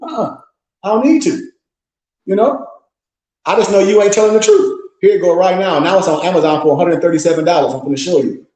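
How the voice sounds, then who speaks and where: A man talks as a pastor and teacher, animated and boastful, slipping into quoted voices as he tells his stories. His voice sits high for a man. The room around him rings with echo. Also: fast talker. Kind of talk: casual livestream talk.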